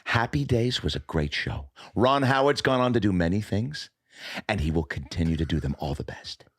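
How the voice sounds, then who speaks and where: A man's voice: sits low, animated, moderate pace, full character voice. A man doing a curt, mean older actor. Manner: curt, gruff, terse.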